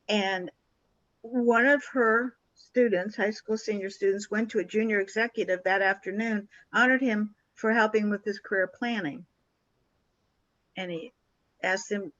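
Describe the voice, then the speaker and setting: Telling a story as an interview guest, an older woman animates it by slipping into the voices of the people in it. She speaks unhurriedly at a medium pitch, captured in a dry, close, lo-fi recording that sounds dull and roomless.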